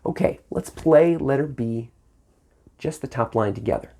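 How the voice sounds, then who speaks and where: A man's voice: medium pitch, animated, a little slow, vocal fry, dark tone. Man, saxophone teacher, video lesson, patient, encouraging, middle-aged. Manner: patient, encouraging, speaks sounds aloud in rhythm.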